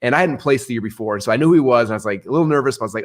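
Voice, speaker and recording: A middle-aged man telling stories in an interview, energetic and animated, acting out the voices he quotes. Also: medium pitch, rapid-fire. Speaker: guest. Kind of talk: storytelling interview answer.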